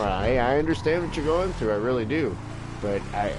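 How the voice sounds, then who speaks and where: A man's voice: medium pitch, fast. A man talking in a rambling, crude, profane casual monologue while playing a game. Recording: noisy with vehicle sounds behind.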